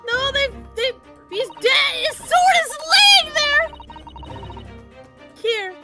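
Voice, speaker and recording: A woman's voice: very high voice, steady tone, moderate pace. A woman voicing a distressed young woman in a game, pleading and shocked. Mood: distraught. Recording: music playing behind.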